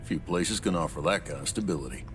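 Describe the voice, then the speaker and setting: An actor playing a blunt, scoffing bartender who has served drinks for decades. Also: male voice, deep voice, quick pace, lightly acted. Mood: gruff. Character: gruff veteran bartender, dismissive, middle-aged. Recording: game audio with music behind.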